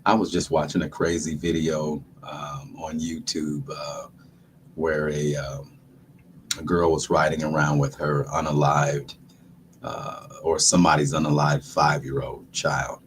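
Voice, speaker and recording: Very deep male voice, livestream host, casual chat, relaxed repetitive greetings, slight hiss. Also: unhurried. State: dry throat, sucking a lozenge.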